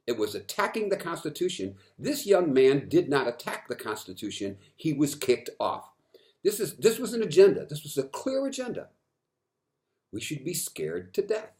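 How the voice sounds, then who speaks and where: A man speaking to camera in an impassioned monologue, frustrated, swinging from quiet stretches to loud emphatic outbursts and repeating words when worked up. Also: a little high, big pitch swings, moderate pace. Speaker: vlogger.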